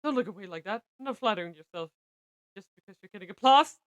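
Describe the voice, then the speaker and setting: A woman's voice: mid-range voice, lively intonation, fast, no room sound, clean studio sound, close to an everyday voice. A woman voicing a stern, condescending older woman secretary in a visual novel, who belts out harsh, scolding demands.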